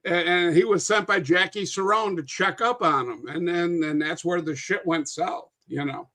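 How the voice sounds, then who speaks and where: A man's voice: high voice, moderate pace, a bit bright. A man talking as a guest on a casual podcast, rambling through long stories with many restarts and some swearing. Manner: rambling, with frequent restarts and profanity.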